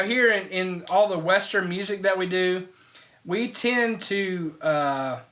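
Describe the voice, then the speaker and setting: Bright-voiced drum teacher, man. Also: high voice. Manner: relaxed, checks in often with "okay?". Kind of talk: casual instructional talk.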